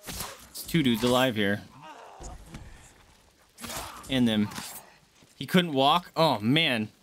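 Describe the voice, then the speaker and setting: A man streaming a game, chatting casually and shouting and swearing at enemies, with game music behind. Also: medium pitch, slight background noise. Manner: excitable, yelling and swearing at enemies. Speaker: gaming streamer. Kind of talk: casual let's-play commentary.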